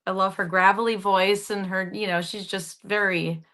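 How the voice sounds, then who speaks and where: A young woman from the Upper Midwest speaks with a bright, clear tone and a regional accent. She chats animatedly as an actress guest in a radio interview, laughing often as she talks. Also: medium pitch, flat delivery, normal speed. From Upper Midwest, Michigan. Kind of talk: casual interview chat.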